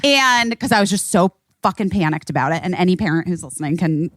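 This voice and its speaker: A middle-aged woman hosting a podcast, telling a story in casual chat, animated and swearing freely. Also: fairly low pitch, fast, dry recording. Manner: animated, swearing, acts out quotes. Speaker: podcast host.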